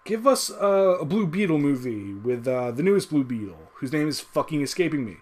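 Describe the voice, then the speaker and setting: A man in a casual solo rant, frustrated and swearing constantly. His voice sits a little high and swings widely as he pushes his points. The delivery is loose and emphatic, full of restarts and fillers. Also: fairly quick. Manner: profane, heated, lively swings in pitch. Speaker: video creator.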